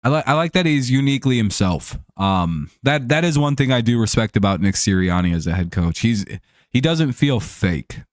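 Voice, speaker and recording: A man's voice: medium pitch, animated, normal speed, dry recording, studio quality. A young man casually talking sports on a livestream, rambling and swearing with lots of fillers and restarts, answering viewers by name. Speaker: streamer hosting a sports chat show.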